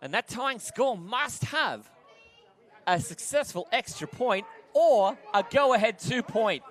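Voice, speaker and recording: Calling a game with an Australian accent, this excitable commentator has an extremely high-pitched voice and speaks slowly. Big plays push him up into shouting.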